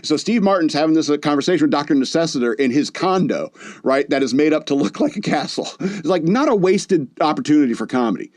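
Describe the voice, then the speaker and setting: A man's voice: fairly high pitch, expressive, quick pace, a little mellow, no room sound. A man hosting a podcast, chatting loosely about a movie with lots of fillers and restarts. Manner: rambling, loose delivery with many fillers and restarts. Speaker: podcast host. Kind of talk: casual movie review chat.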